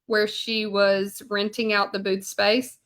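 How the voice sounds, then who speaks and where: A woman's voice: mid-range voice, little pitch movement, takes it slowly, a bit bright. A woman chatting casually to live viewers in her home craft studio as she hand-letters a sign, rambling from story to task. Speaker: hand-lettering artist and channel host. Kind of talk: casual livestream chat while painting.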